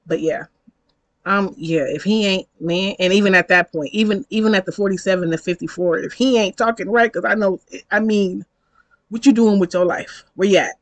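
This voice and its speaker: A woman's voice: mid-range voice, steady tone, moderate pace, no room sound, rough recording. Thirties woman, casual storytime vlogger, slangy and chatty, dry close-up sound. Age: 30s. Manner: chatty, slangy, reenacts dialogue, laughs often.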